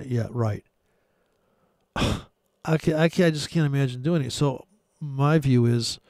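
A man's voice: medium pitch, moderate pace, creaky, pauses often, a little mellow, dry recording, clean studio sound. A man giving crude, sarcastic commentary while trading live charts. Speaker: forex trader.

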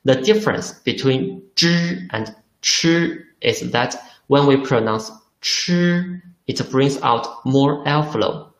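A man's voice: medium pitch, takes it slowly, echoey room, poor audio. A man teaching a lesson in English, patiently repeating syllables for drills. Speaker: Chinese teacher. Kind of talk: language lesson.

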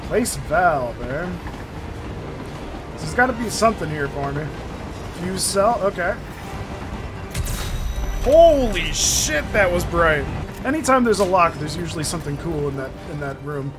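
A man giving casual let's-play commentary, excitable and jokey, swearing and laughing often. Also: fairly high pitch, moderate pace. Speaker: gameplay streamer. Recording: faint game music behind.

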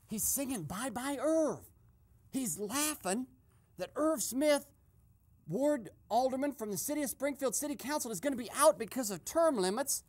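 A male host doing a comic eavesdropping skit, giving a hushed, gleeful play-by-play that breaks into sudden excited outbursts. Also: extremely high pitch, normal speed.

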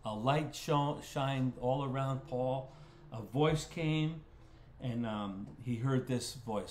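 A man's voice: medium pitch, slow, darkish tone, a little hiss or hum. Folksy man teaching Bible study in a roomy space. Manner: folksy, repeats words while thinking aloud. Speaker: pastor leading a Bible study. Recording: roomy echo.

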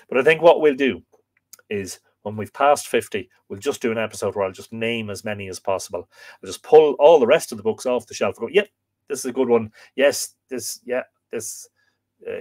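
A man's voice: fairly low pitch, a little mellow. Rambling man hosting a live stream. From Ireland. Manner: rambling, hesitant, many fillers and restarts. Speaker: host of a live stream on Irish mythology. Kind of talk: casual live-stream chat reading viewer comments.

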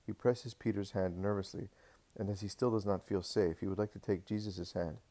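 A man reading a religious text aloud as an audiobook narrator, in a steady, solemn way. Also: low voice, moderate pace.

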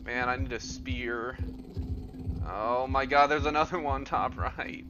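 A young man giving casual, excitable gameplay commentary, swearing and yelping in panic as he plays. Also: mid-range voice, a little slow. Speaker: gameplay streamer. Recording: dull lo-fi audio with game music. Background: game music.

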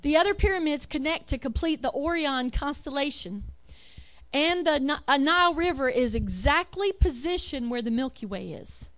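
A woman's voice: sits high, expressive, moderate pace, a bit bright. A woman giving an emphatic religious talk over slides, with rhetorical questions and self-corrections. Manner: reads lists aloud, self-correcting. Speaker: religious speaker.

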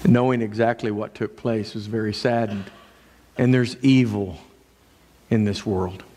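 A man's voice: fairly low pitch, fairly even intonation, a little slow. Preaching man in a reverberant church. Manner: earnest, shifting between raised and hushed delivery. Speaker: pastor. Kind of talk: sermon. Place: church sanctuary.

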